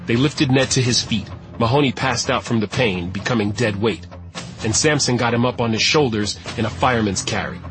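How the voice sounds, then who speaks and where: A man narrating an audiobook in a steady, measured storytelling voice. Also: medium pitch, over music, rough recording. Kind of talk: scripted narration.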